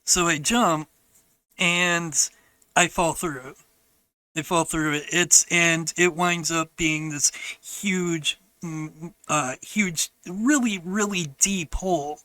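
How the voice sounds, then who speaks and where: A man telling a personal story on his podcast, in a frank, halting and profane way. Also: a little high, fairly even intonation, sharp tone, no room sound, low-quality recording.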